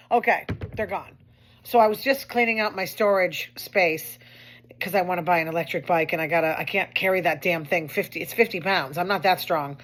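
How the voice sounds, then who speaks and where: A woman's voice: on the low side, a little fast, a bit bright. A woman hosting her own show, talking in a chatty, wry way with complaining asides. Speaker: host. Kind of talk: casual monologue commentary.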